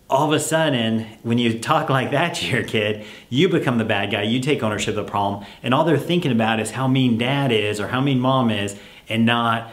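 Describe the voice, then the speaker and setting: A man coaching parents on letting children solve their own problems, relaxed and laughing often as he acts out parent and child talking. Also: mid-range voice, a little fast, roomy sound. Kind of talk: advice talk to camera.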